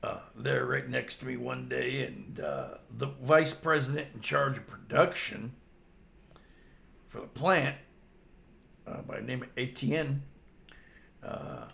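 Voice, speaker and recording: A man's voice: mid-range voice, lively intonation, slow pace, vocal fry, pauses often, a bit bright. An older man casually telling stories about his old workplace pranks and laughing often as he goes. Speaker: storyteller host. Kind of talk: casual storytelling.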